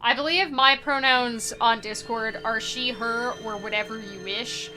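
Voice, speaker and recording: This young streamer plays a randomized adventure game and offers casual, playful commentary stuffed with "like." Her voice is fairly high and a little slow, with music in the background.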